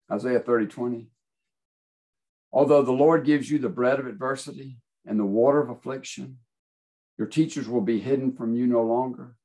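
A man's voice: lowish voice, a little mellow, low-quality recording. Earnest man preaching a sermon. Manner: earnest, with repeated phrases and pauses; reads scripture aloud. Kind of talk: devotional sermon.

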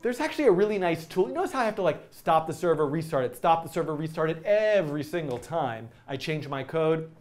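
A man's voice: fairly high pitch, expressive, fast talker, few pauses. A middle-aged man teaching coding in a casual, rambling way, often laughing and correcting himself as he works. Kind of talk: casual live-coding tutorial.

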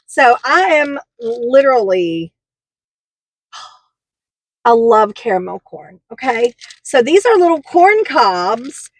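A woman's voice: fairly high pitch, big pitch swings, slow, pauses often, no echo, low-quality recording. A woman chatting through a shopping haul, gushing and rambling with lots of fillers. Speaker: haul vlogger. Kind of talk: casual product haul chat.

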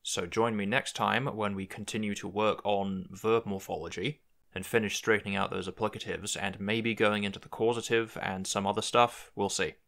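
A man's voice: fairly low pitch, fairly even intonation, moderate pace, gravelly, fairly bright tone. A man hosting a language-building tutorial, thinking aloud as he works through word forms. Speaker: conlang video host. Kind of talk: screen-recorded tutorial narration.

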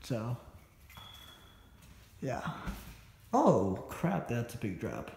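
A man's voice: mid-range voice, very animated, very slow, vocal fry, darkish tone, echoey room, slight background noise. Breathless man exploring an abandoned house. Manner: rambling, corrects himself often. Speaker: urban explorer vlogger. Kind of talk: casual walkthrough narration. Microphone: phone held while filming.

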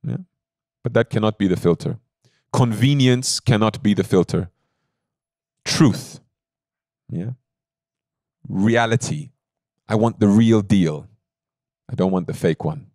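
A man's voice: lowish voice, slow, pauses often, a little mellow, no echo. Emphatic male spiritual teacher, dry sound. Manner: conversational, checks in with listeners, emphatic. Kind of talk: devotional sermon storytelling.

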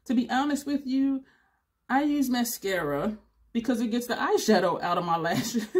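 Woman in her fifties, beauty vlogger, casual to-camera chat, blunt, rambling, giggly, tired. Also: fairly high pitch. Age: 50s. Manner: chatty, blunt, laughs often, digresses.

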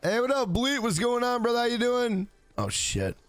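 A man's voice: very high-pitched, huge pitch swings, normal speed, clean tone, soft background music. A man live-streaming a video game, swearing often and greeting viewers in chat by name. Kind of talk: live gaming stream commentary.

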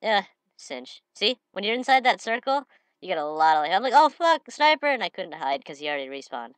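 A slightly sniffly woman giving excitable gameplay commentary, breaking into shouted trash talk. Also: fairly low pitch, brisk, clear, resonant tone, dry recording. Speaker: gamer.

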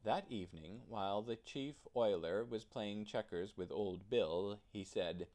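A man narrating a children's storybook in an expressive storytelling manner. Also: lowish voice, a little slow, few pauses. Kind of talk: children's storybook read-aloud.

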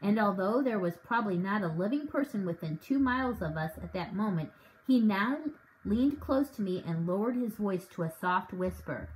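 A woman working as a reading tutor, reading a children's novel aloud in a calm, measured way. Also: medium pitch, a little hiss or hum. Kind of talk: audiobook read-aloud.

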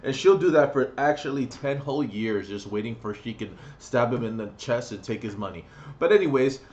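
A man ranting on his vlog, crude and profane, blunt and mocking. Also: mid-range voice. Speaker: vlogger.

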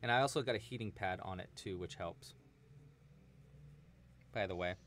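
A man's voice: low voice, normal speed, a bit bright, slight background noise. A man hosting a live crochet stream, chatting casually and explaining stitches with many fillers.

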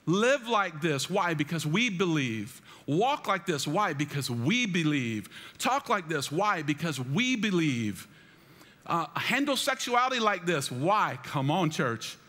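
Male pastor with a high voice, preaching to a congregation on a stage mic, long church reverb. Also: very animated, a little slow, sharp tone. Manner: preaching with call-and-response to the congregation. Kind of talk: sermon. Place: large church auditorium.

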